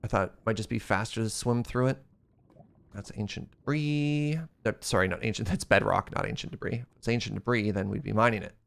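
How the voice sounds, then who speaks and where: A man streaming a game, chatting casually and excitably with his viewers, his voice strained from shouting. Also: lowish voice, a little fast, creaky. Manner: excitable, chatty, laughs often. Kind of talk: casual live-stream chat.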